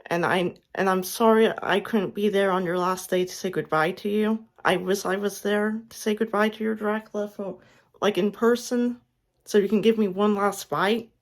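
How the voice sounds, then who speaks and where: In a steady, mid-range voice, a young female fan vlogger says an emotional goodbye, on the verge of crying. She sighs often and keeps starting her sentences over, her delivery halting and tearful.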